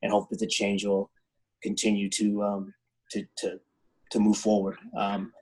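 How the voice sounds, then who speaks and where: A man with a husky, somewhat low voice speaks on a video call. His words come haltingly and from the heart, and he sounds close to tears. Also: completely flat delivery, a little mellow, rough recording. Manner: heartfelt, halting, faith-centered. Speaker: head coach. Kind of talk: emotional closing remarks on a video call.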